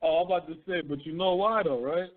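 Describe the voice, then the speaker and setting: A man hosting a talk radio show, telling stories in rough, profane street slang. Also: a little high, fast talker, dry recording. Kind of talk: casual talk radio chat. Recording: dry phone-line call-in audio.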